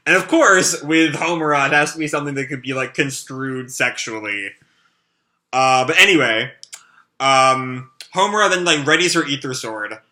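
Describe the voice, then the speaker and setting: A man's voice: a little high, lively intonation, moderate pace, sharp tone. Chatty man reacting to a comic. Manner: loose and chatty, with many fillers. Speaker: reaction video host. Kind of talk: casual live reading and commentary.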